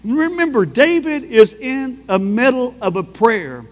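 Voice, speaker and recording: High-voiced fervent preacher in a hall. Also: male voice, very animated, unhurried. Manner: fervent preaching, swelling to loud praise. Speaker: pastor. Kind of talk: sermon.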